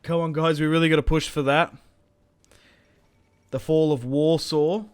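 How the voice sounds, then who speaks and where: A young man narrating a strategy game as he plays, with a slightly high voice. He thinks aloud, full of fillers, and gets excited when the battle turns. The tone stays casual and talkative throughout. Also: unhurried, dry recording. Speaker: gaming channel host. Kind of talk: live strategy game commentary.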